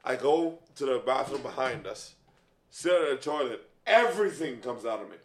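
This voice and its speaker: Animated man telling a story, roomy sound. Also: moderate pace. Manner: animated storyteller, mimics relatives in low voices. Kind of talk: casual storytelling chat. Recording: roomy echo.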